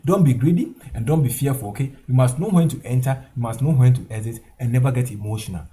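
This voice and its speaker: Speaking quickly in a warm, medium-pitched voice, with a faint hiss or hum in the audio, a forex trading instructor explains a chart during a screen-share tutorial. He stresses points by repeating them and tags lines with "okay?" and "guys."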